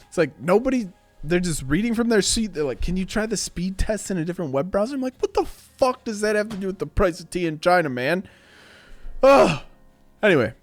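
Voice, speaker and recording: A man's voice: fairly high pitch, no echo. A man in his thirties ranting to his live stream chat, swearing and acting out the people he quotes. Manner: animated, swears a lot, acts out quoted voices. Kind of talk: casual rant to stream chat. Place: home streaming room.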